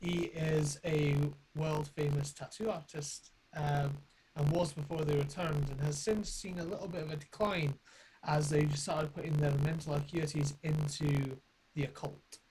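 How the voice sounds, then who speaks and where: A man's voice: fairly high pitch, fairly even intonation, measured pace. Man player over a noisy line. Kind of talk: casual chat.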